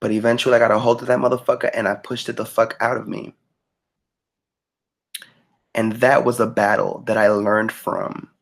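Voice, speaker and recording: A man's voice: fairly low pitch, level tone, moderate pace, gravelly, pauses often. A man co-hosting a talk show, animatedly retelling a personal experience with casual profanity. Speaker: co-host. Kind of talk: casual storytelling.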